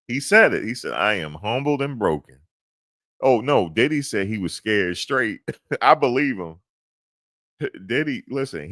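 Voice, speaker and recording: A man recapping events in a casual, animated storytelling manner, slangy and repetitive. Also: sits low, no room sound, clean studio sound. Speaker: commentator recapping a court hearing.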